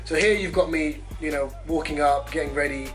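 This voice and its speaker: A man vlogger telling a story to camera in a casual, animated, profane and self-mocking way. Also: on the high side, a little fast, soft background music. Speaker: travel vlogger.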